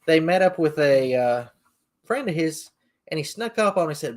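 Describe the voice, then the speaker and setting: A man's voice: fairly high pitch, lively intonation, normal speed. A man hosting a podcast, telling a story in a rambling, folksy way. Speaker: podcast host. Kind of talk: casual storytelling.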